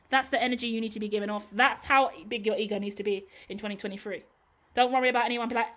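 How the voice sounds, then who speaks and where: A woman's voice: a little high, fairly even intonation, very fast, fairly bright tone. A woman reading tarot to her viewers in an emphatic, sassy, blunt pep-talk manner. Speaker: tarot reader. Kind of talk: tarot reading monologue to camera.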